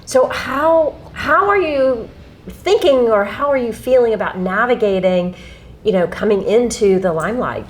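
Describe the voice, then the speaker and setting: A woman's voice: on the high side, lively intonation, measured pace. Woman host interviewing an author, supportive and conversational. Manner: encouraging, frequent short affirmations.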